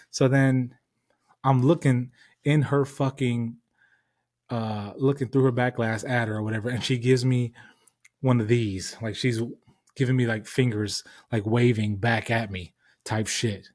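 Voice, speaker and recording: A man's voice: mid-range voice, a little slow, no echo, clean studio sound. Heated, profane man telling a story. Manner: profane, heated, animated retelling. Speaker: podcast host. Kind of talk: casual storytelling.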